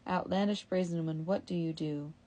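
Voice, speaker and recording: A woman's voice: on the low side, steady tone, brisk, warm tone, lightly acted. A woman reading the part of an old, jealous husband who cries out in outrage in a storybook reading. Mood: outraged. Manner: outraged, then placating. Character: old jealous husband, newly sighted, bellowing.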